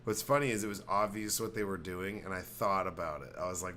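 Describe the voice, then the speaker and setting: A man hosting a podcast in casual chat, with loose, profane banter and quick laughs. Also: low-pitched, steady tone, pushed and bright, slight background noise. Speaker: podcast host.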